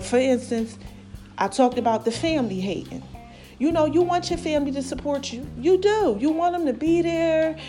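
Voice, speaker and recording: A woman's voice: high-pitched, a little mellow. A woman hosting her own podcast, talking to listeners in an affectionate, preachy way while slightly out of breath. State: slightly out of breath, swollen throat. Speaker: podcast host. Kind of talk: casual motivational monologue.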